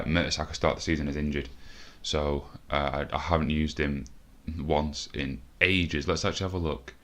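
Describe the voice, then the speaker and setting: A man's voice: extremely low pitch, fairly bright tone. A man commentating his own football management game, frustrated, swearing and thinking aloud. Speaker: gaming video host. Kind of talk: let's play commentary.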